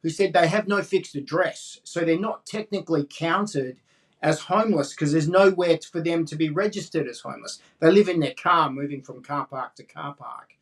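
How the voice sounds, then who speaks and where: Australian man, higher voice, off-mic. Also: moderate pace, recorded from a distance. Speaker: podcast host. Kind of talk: casual interview.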